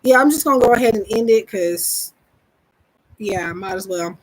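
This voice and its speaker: A woman's voice: mid-range voice, animated, moderate pace, low-quality recording. A woman with a Southern US accent, a psychic reader hosting a live stream, talking casually and rambling with many restarts. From Southern United States. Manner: rambling, chatty, self-deprecating, with many restarts.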